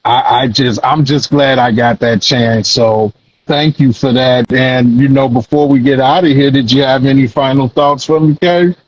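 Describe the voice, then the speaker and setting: A man's voice: mid-range voice, fairly even intonation, normal speed, lo-fi sound. A man hosting a casual talk show podcast, full of slang and affectionate praise for his guest. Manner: hype, affectionate, loose slang. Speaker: podcast host.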